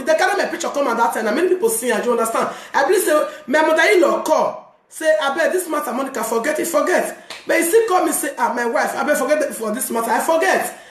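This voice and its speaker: A mother of three with a Nigerian Pidgin accent talks to her viewers on camera about forgiveness. Her high-pitched voice sounds roomy, and she's animated, laughs often and keeps asking "you understand?".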